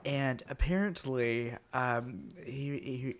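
A man's voice: medium pitch, takes it slowly. A man co-hosting a casual chat podcast, answering with short dry quips. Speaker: podcast co-host.

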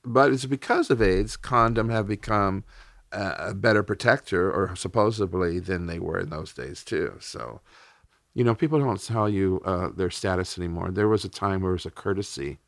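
A man's voice: sits low, moderate pace, gravelly, fairly bright tone, no echo, clean studio sound. A middle-aged man from Texas, a podcast interview guest, telling personal stories candidly and emotionally with blunt language.

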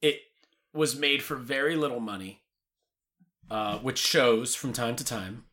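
Young male podcast co-host, bright forceful tone, loose jokey film chat. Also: mid-range voice, unhurried. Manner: jokey, swearing, doing silly voices.

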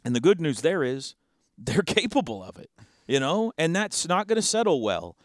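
Lively man talking football. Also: fairly high pitch, moderate pace, dry recording, studio quality. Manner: animated, laughs often, restarts sentences. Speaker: sports talk host. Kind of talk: casual sports chat.

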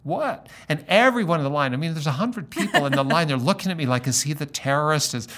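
A middle-aged man, a pastor, talking in a relaxed conversation and telling a story, acting out the lines of the people in it. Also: on the high side, quick pace. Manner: animated storyteller acting out dialogue. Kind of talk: conversational storytelling in a podcast interview.

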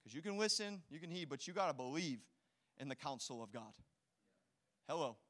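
A man preaching a sermon in a church hall, animated and storytelling, acting out quotes. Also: fairly high pitch, fairly quick. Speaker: pastor.

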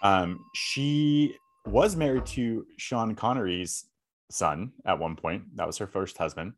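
Low-voiced, rambling young man. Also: slow. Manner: relaxed, rambling, many fillers. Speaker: film review co-host. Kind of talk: casual film review chat.

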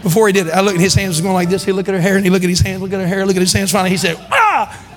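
A man preaching a sermon as pastor, emphatic, swinging between loud calls and quiet asides. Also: high-pitched, little pitch movement, racing, in a large hall, soft background music. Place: church sanctuary.

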